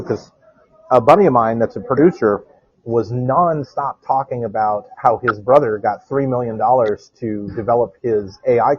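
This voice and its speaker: A man's voice: medium pitch, husky. A man co-hosting a podcast by phone while walking into a bar, rambling and laughing as he tells stories. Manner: rambling storyteller, laughs often. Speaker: podcast co-host. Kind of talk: casual chat. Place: walking outdoors, then inside a quiet bar. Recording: dull lo-fi phone-call audio.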